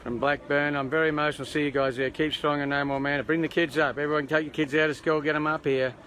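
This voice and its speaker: A man's voice: on the high side, little pitch movement, quick pace, a bit bright. Chatty Australian man livestreaming outdoors. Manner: chatty, rambling, jokey asides to viewers. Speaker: livestreamer at a protest. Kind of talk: casual live stream chat. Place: outdoors on an urban street. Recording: noisy outdoor street recording.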